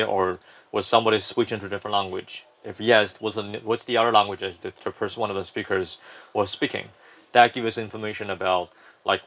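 A man's voice: fairly low pitch, a bit bright. A man, a company founder, explaining his firm at length in a casual interview, often restarting sentences.

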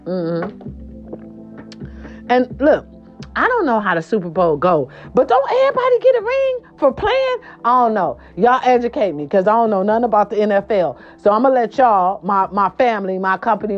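A woman hosting a casual gossip show, sassy and animated, swearing freely, with a hoarse voice from a sore throat. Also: mid-range voice, lo-fi sound. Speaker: host.

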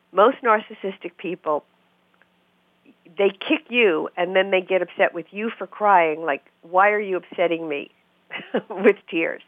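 Woman, middle-aged, therapist, animated storyteller, dry close sound, narrow phone band. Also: fairly low pitch, dry recording. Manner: animated storyteller who acts out quoted voices. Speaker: therapist guest. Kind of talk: conversational interview.

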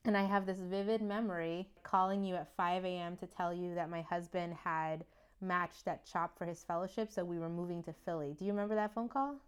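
Doctor mom in her 30s, kinda low smooth voice, chatty, reminiscing on a podcast. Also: fairly even intonation. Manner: chatty, quick, fond reminiscing. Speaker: neonatologist and podcast co-host, guest. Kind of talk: casual interview storytelling.

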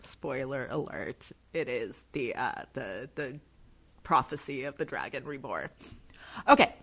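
A woman's voice: rumbling low, lively intonation, unhurried, a bit bright. A woman co-hosting a podcast, chatting casually through an episode recap with lots of fillers.

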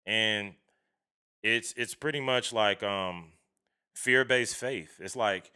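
A man with a low voice speaks in a bright, clear tone. He talks casually and bluntly, swearing freely. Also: takes it slowly. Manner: blunt, profane, animated storytelling. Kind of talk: casual chat.

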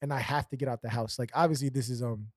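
A man's voice: mid-range voice, fairly even intonation, fast, darkish tone, dry recording, clean studio sound. A man co-hosting a podcast in casual chat, rambling with fillers and laughing often. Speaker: podcast co-host.

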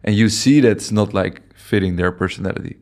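Man, low pitch, halting casual chat, podcast guest. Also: a little mellow. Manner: halting, searches for words, many restarts.

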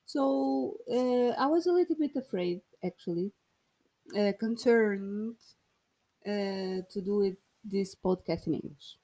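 Playful Portuguese woman, slow and breathy. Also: mid-range voice, mellow. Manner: playful, rambling, self-mocking with frequent laughs and fillers. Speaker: podcast host. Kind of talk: solo podcast monologue.

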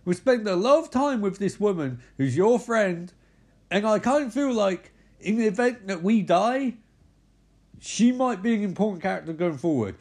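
A man's voice: mid-range voice, animated, moderate pace, mellow, lightly acted. A man voicing a crude, swaggering young boyfriend full of bravado in a comedic recap. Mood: needling.

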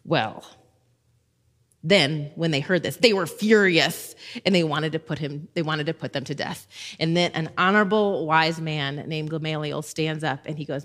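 A woman in her thirties teaching a Bible passage in a casual, animated way, acting out the people in the story and laughing easily. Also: low voice, moderate pace.

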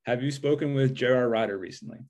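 A man's voice: mid-range voice, fast talker, a little mellow. Eager man co-hosting a chat. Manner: enthusiastic fan of the guest. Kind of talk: casual interview chat.

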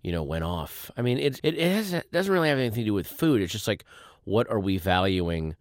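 A man, a comedian guest, musing in a dry, deadpan way during a radio interview. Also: fairly low pitch, fairly quick, dry recording. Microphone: studio microphone.

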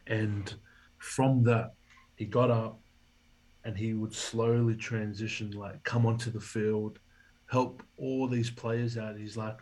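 A man recounts a story as an interview guest. His voice is low and husky, and his pitch stays fairly flat even as he voices the people he quotes. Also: takes it slowly, poor audio. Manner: animated storyteller, acts out quoted dialogue. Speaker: podcast guest, former rugby league player.

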